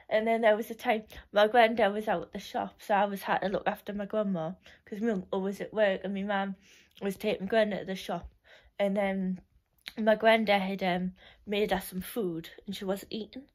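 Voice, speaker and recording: Young woman rambling about family memories, lots of likes and restarts, laughs a lot, mid pitch. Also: steady tone, moderate pace. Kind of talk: casual reminiscing monologue.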